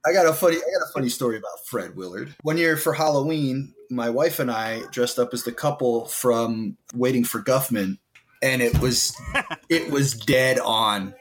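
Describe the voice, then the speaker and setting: Male co-host, relaxed storyteller, medium voice, slight background hiss. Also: mid-range voice, normal speed. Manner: easygoing storyteller, laughs while talking. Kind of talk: casual movie discussion.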